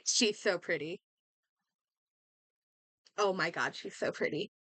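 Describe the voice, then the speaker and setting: A young woman talks through a reaction video in an excitable, rambling way, full of fillers and restarts. Her voice is bright and crisp. The sound is dry and close on a desk mic. She is a little under the weather. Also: fairly low pitch, takes it slowly, no room sound. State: slightly sick. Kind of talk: casual reaction commentary. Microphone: desk microphone.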